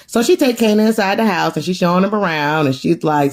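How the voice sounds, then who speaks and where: A woman casually recapping a TV episode, animated and profane, full of slang, often jumping into other voices to act out the characters. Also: lowish voice, quick pace. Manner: acts out characters' lines in shifting voices. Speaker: TV episode reviewer.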